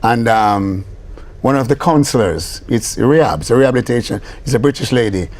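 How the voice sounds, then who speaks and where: An older man with a Jamaican accent, a record producer telling studio stories in a lively way, slipping between patois and English. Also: medium pitch, brisk. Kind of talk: storytelling interview talk.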